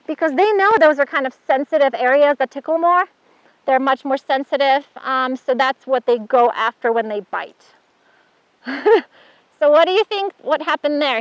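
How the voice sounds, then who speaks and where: A woman's voice: sits high, no room sound. A woman instructor giving a chatty hands-on horse handling demonstration, praising the horse as she works. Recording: dull dry sound.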